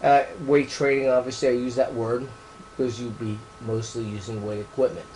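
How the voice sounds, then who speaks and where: A man's voice: mid-range voice, level tone, moderate pace, darkish tone, low-quality recording. Male author, casual monologue, repeats himself for emphasis, slight background hum. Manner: rambling, repeats words for emphasis. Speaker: author explaining his book.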